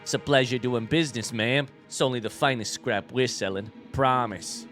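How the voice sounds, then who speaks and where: Gruff haggling bug merchants, as a man puts them on, put-on Boston and New York accent, slow drawl, game characters. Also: medium pitch, fairly bright tone, faint music behind, natural voice.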